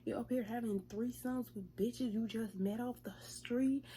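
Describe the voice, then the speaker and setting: A woman voicing a furious young woman, a jealous ex who keeps repeating her accusations in a shrill voice. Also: fairly even intonation, moderate pace, warm tone, slight background noise, natural voice. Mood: furious accusing. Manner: shrill, repeating each line.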